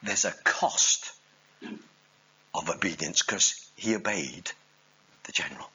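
A male preacher, giving a sermon with animated storytelling and jokes with the congregation. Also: sits low, slow, husky, lo-fi sound.

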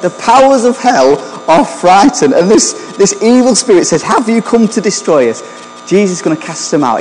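A man preaching in a chatty sermon style, pitched a little high for a man. He keeps turning questions back to his listeners. The hall gives his voice a long reverb, with a faint hum underneath. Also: darkish tone. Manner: conversational, asks the congregation questions.

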